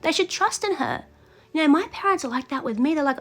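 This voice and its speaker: A woman talks straight to camera about a reality show she just watched, opinionated and chatty, laughing often and voicing what she would say in someone's place. Her voice sits a little high, with soft music in the background. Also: expressive, fast. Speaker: reality TV reaction vlogger. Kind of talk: casual reaction commentary to camera.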